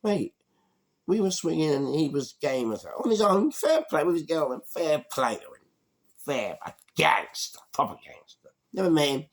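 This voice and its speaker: Gravelly older London man. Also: a little high, moderate pace. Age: 60s. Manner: animated, slangy, acts out voices. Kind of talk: storytelling monologue.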